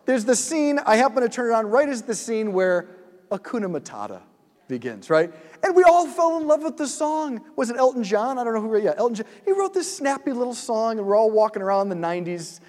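A man's voice: high voice, long reverb tail. A man giving a sermon, telling stories and acting out his own thoughts. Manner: animated storyteller who acts out his own thoughts. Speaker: speaker at a multi-night church event. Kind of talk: sermon with storytelling.

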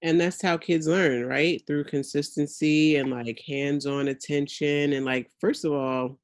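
A woman's voice: low-pitched, steady tone, measured pace, no room sound. A woman, a mother of young children, talking candidly in a casual chat and laughing as she vents. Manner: candid, laughs while venting, acts out her kids' voices. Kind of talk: casual podcast conversation.

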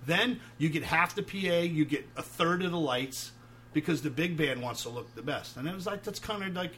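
A man's voice: on the high side, animated, moderate pace, fairly bright tone, slight background noise. A man from New York telling rambling, profane stories as a guest in a casual interview. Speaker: guest, metal band singer. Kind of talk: casual storytelling.

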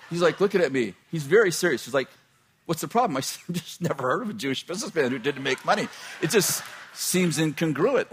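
A man's voice: on the high side, a bit bright, husky. A middle-aged man, a pastor, telling a personal story in a sermon, chatty and laughing at his own jokes, often breaking off mid-sentence.

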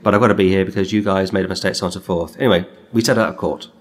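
Here a middle-aged man preaches very fast with fairly even intonation, reading scripture and telling stories in an emphatic way, though his voice climbs high for the verses.

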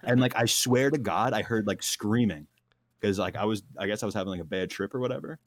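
A low-voiced young man recorded close and dry, telling a story in loose, slangy casual talk. He fills his sentences with "like" and laughs at his own misadventure. The sound is plain and intimate, with no room around it. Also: fast, dry recording.

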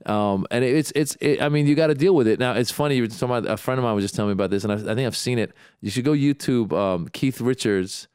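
A man co-hosting a casual chat, relaxed and easygoing as he tells stories. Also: medium pitch, fast talker, few pauses, clean tone, no room sound, clean studio sound. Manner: relaxed, chatty, laughs easily.

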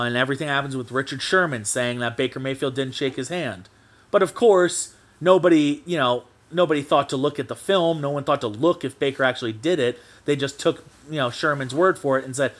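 A male podcast host talking alone into his mic, worked up and animated. He rants in a loose, casual way and swears freely as he goes, his voice sitting in an ordinary middle range. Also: medium pitch. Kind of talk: solo sports podcast monologue.

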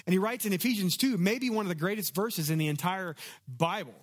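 A pastor preaching in a relaxed, conversational way, telling stories and drawing the congregation in with questions. His voice sits a little higher than most men's. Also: brisk. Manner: conversational, storytelling, asks congregation to respond. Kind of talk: sermon.

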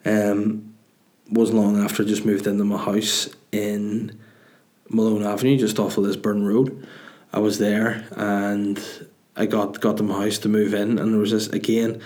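A man's voice: lowish voice, darkish tone. A man with a Northern Irish accent hosting a comedy podcast, telling crude, rambling stories full of swearing. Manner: crude, meandering, profane. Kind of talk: rambling comic monologue.

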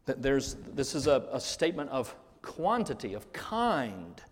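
A pastor preaching a sermon, earnest, rising to stress key words and then dropping low. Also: male voice, very animated, measured pace, slight background noise. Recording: reverberant hall.

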